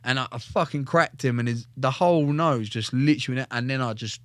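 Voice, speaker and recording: A young man tells his stories in a blunt, animated way, swearing freely and voicing the people he quotes. His voice sits in a middle pitch. The sound is close and dry, with no room in it. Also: a little fast, no echo. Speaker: guest, former soldier and fighter. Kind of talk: casual storytelling with heavy swearing.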